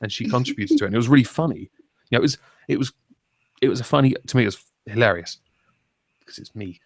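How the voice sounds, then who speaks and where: A man's voice: medium pitch, fast, dry recording, clean studio sound. A man from England hosting a casual stream chat, wry and self-mocking, often laughing. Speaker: stream host.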